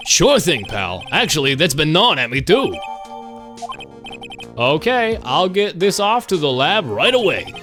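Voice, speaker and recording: Guy doing a keen bumbling cop, animated, game music on. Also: fairly high pitch, measured pace. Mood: eager. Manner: excitable, says pal. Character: earnest clumsy male detective, eager.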